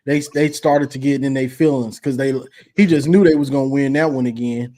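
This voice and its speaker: A man's voice: medium pitch, steady tone, a little fast, mellow. A man hosting a casual college football call-in show, talking in a playful, slangy, teasing way.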